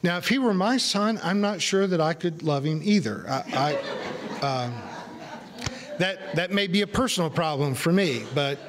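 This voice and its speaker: A man's voice: a little high, animated, normal speed, a little hiss or hum. A male pastor giving a sermon in a conversational, storytelling way, with self-deprecating humor.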